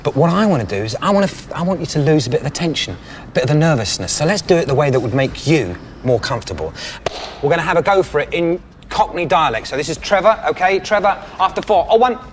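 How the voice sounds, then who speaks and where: A man working as a singing coach, talking in an animated, encouraging way. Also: fairly high pitch, fast talker, slight background noise. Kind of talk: coaching session.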